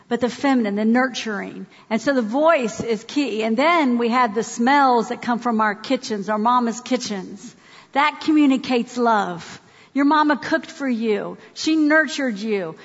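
High breathy woman in a hall. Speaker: speaker at a church gathering. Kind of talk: lively talk to an audience. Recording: dull sound with long hall reverb.

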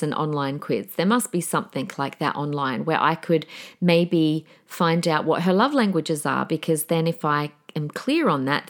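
A middle-aged woman hosts a solo podcast in a chatty, candid way. Her voice sits a little low for a woman. She slips into quoted asides as she retells her own thoughts. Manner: chatty, candid, with fillers and laughs. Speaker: podcast host. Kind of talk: casual solo podcast talk.

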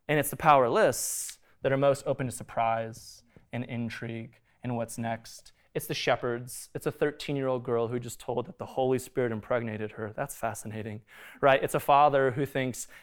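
A man in his thirties preaching a sermon in a casual, conversational way, often asking the congregation questions. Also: medium pitch. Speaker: pastor.

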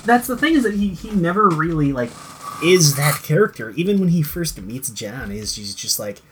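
A man's voice: on the high side, animated, normal speed, a little hiss or hum. A man chatting casually about a TV show, rambling with many fillers and restarts and swearing now and then. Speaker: co-host discussing a TV show. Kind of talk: casual chat.

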